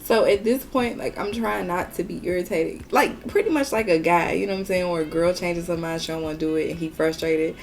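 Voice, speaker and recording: A woman's voice: lowish voice, fairly quick, hardly any pauses, a little hiss or hum. A woman vlogger chatting candidly and with profanity through a storytime while she does her makeup, talking straight to her viewers. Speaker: beauty vlogger. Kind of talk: casual storytime chat during a makeup tutorial.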